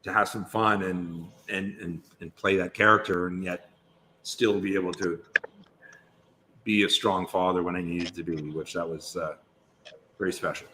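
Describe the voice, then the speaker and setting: Bright-voiced man telling rambling stories. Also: deep voice, steady tone, normal speed, a little hiss or hum. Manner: rambling storyteller, many restarts. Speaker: guest actor. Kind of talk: casual interview chat.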